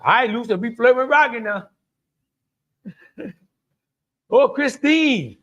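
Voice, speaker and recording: A man's voice: extremely high pitch, moderate pace, a bit bright, highs cut off. A middle-aged man hosts a live cooking stream in a chatty way, greeting viewers by name and laughing often. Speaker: cooking show host.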